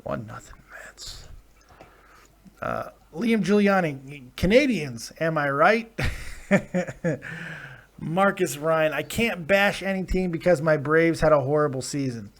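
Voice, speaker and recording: A man's voice: fairly high pitch, unhurried. Tired, profane male stream host. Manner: profane, laughing, reading chat comments aloud. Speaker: live-stream show host. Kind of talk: casual live reaction commentary.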